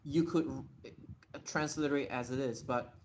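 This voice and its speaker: A man's voice: medium pitch, fairly even intonation, moderate pace, darkish tone, slight background noise. Man thinking aloud on a livestream. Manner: thinking aloud, restarts, repeats words to test how they sound. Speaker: livestream host. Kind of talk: casual live Q&A explaining Japanese readings.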